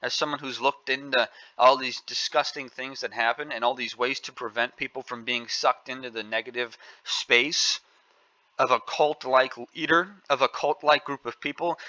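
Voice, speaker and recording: A man's voice: on the high side, bright, forceful tone, no room sound, lo-fi sound. A man hosting an angry opinion commentary, scolding and indignant, repeating his points. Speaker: commentary channel host.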